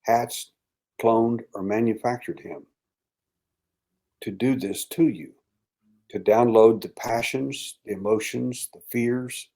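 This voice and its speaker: Older man telling a story, hushed then lively. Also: on the low side. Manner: animated storyteller who acts out quoted voices and drops to a hushed tone. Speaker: interview guest. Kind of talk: storytelling in a casual interview.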